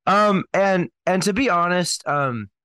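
Dude on a podcast, talks slow n careful, kinda hesitant, mid pitch. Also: male voice, a bit bright, no echo. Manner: measured, hesitant with fillers. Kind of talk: casual chat.

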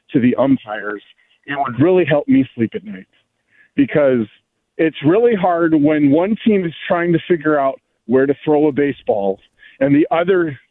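A man's voice: on the high side, dry recording. A man calling in to a sports radio show from a phone while walking outdoors, ranting in a worked-up way. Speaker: caller. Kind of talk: call-in rant. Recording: tinny phone line.

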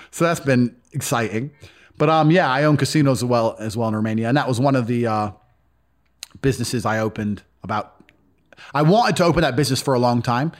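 Fast, animated, blunt-talking man. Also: mid-range voice. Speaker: podcast guest. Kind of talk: casual storytelling.

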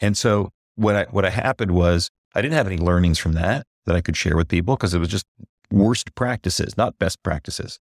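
On a podcast, an executive coach being interviewed speaks candidly and thoughtfully in a low voice, slowing on key points and livening up as he tells a story. He becomes briefly emotional. The audio is studio quality with no room sound.

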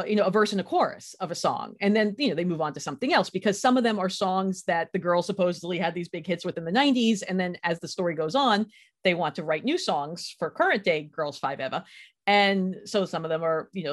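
A woman's voice: on the low side, expressive, fairly quick. A woman host chatting casually and enthusiastically, with frequent laughs. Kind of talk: casual chat.

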